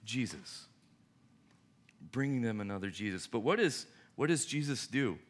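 Animated, casual young male preacher. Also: medium pitch. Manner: conversational, jokey, with quick voiced asides. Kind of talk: sermon to a youth group.

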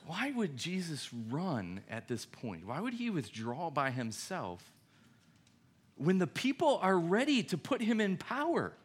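A young man preaching casually to a youth group, conversational and jokey, with quick voiced asides. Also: a little high, huge pitch swings, slightly rough.

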